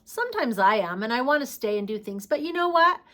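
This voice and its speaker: A woman teaching a preschool craft class and reading a picture book aloud to young children, slow and playful. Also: fairly high pitch, big pitch swings, a bit bright.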